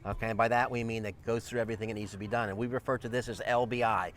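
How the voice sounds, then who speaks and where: A man's voice: on the low side, steady tone, very fast, a bit bright, a little hiss or hum. A man hosting a real estate video, talking emphatically to the viewer and checking in with "okay?" after his points. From lived in northeast Georgia. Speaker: real estate agent and channel host. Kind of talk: casual chat to camera.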